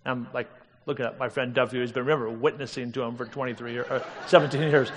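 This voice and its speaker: A man preaching to an audience as an animated storyteller, firing off rhetorical questions and laughing at his own stories. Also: mid-range voice, fast talker, a little hiss or hum. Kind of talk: storytelling sermon. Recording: long reverb of a big hall.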